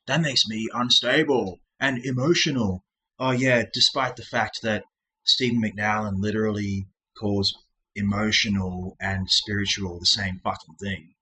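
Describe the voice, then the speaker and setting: A man ranting at his commenters in a mocking, sarcastic tone, breaking into shrill manic laughter. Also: bright, forceful tone, slight background noise, poor audio. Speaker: channel host.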